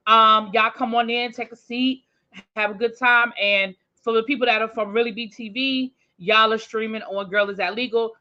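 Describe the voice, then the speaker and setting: A woman's voice: on the high side, steady tone, normal speed, sharp tone. A woman hosting a casual livestream, greeting viewers by name in a chatty, familiar way. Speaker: livestream host. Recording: slightly dull lo-fi stream audio.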